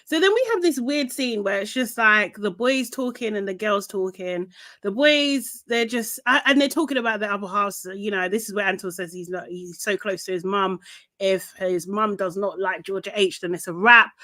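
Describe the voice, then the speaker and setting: A woman's voice: medium pitch, bright, forceful tone, dry recording. Young woman cohost going over the episode, chatty, laughing, dry mic. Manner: chatty, recaps scenes, laughs often. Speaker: podcast co-host. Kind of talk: casual reality-TV recap chat.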